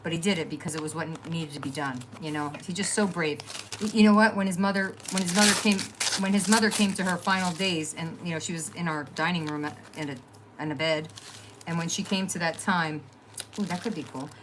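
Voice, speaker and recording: A woman's voice: on the low side, a little fast, noisy background. A middle-aged woman hosting a crafting livestream at home, rambling and chatty as she talks to viewers and trails off with fillers. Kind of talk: casual chat to live viewers.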